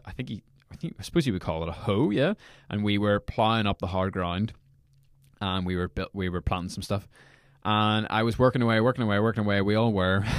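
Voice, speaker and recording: Chatty young preacher, low voice. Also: male voice, no echo, clean studio sound. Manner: chatty, self-correcting, trails off into asides. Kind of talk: casual sermon.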